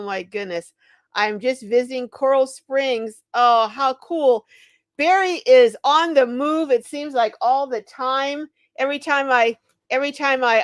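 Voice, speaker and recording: An older woman hosts a casual livestream, greeting her viewers by name in a high, bubbly voice full of little exclamations. She is still out of breath. The sound is dry and close, with no room around it. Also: no room sound. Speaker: livestream host.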